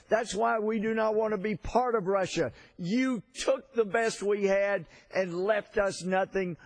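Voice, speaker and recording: A man doing a fiery young singer yelling back. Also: on the high side, gravelly, no echo, exaggerated voice. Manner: yelling, impassioned. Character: passionate young male singer, defiant and proud.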